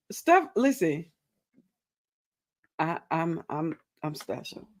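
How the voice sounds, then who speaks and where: With a lowish voice and a measured pace, a woman hosts a casual crochet stream. Tired but goofy, she giggles frequently, says hello to viewers and reads chat messages aloud in a playful, self-mocking way.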